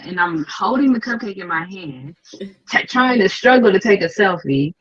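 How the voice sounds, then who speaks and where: An excitable woman guest tells a long story that runs on and on, with her pitch jumping when she quotes people. Her audio sounds dull and a little lo-fi. Her voice sits at a middling pitch. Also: moderate pace, slightly rough. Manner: excitable, breathless run-on storytelling. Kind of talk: casual storytelling chat.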